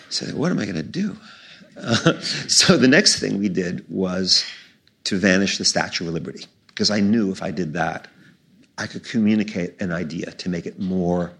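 A man in his sixties tells animated stories onstage. His voice is low and gravelly with a husky edge. He talks in quick bursts full of restarts. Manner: animated storytelling with laughs and restarts. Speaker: magician in onstage conversation. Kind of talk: storytelling conversation. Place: stage before a live audience.

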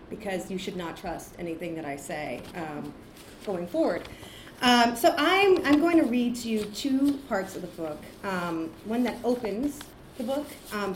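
A woman author reads from her memoir in a lecture hall. Her pitch sits in a middle range. Between passages she talks hesitantly, with fillers and restarts, and the room gives her voice a roomy echo. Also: slight background noise. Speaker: author speaking at grand rounds. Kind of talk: reading aloud from her memoir with talk between.

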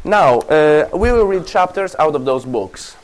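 Speaking a little slowly at a fairly high pitch with lively intonation, an Italian-accented man rambles through a university classics lecture on poor-quality audio. He keeps restarting, correcting himself and giving small laughs.

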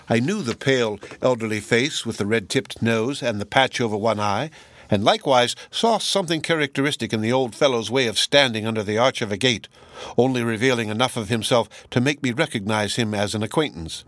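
Male audiobook narrator, mid-range pitch, measured expressive delivery, dry sound. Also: no room sound. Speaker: audiobook reader. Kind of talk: audiobook narration of a classic novel.

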